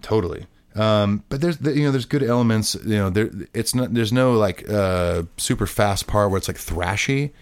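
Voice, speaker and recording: A man's voice: on the low side, moderate pace, few pauses, clean tone, dry recording. A man co-hosting a podcast, talking casually with lots of fillers and restarts. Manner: relaxed, rambling with restarts and fillers. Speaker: podcast co-host. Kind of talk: casual chat.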